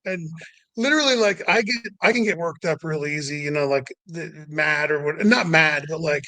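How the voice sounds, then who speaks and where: A man's voice: fairly high pitch, moderate pace, pushed and bright, poor audio. A young man telling a racing story in loose, rambling casual chat, full of "like" and "you know". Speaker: podcast guest.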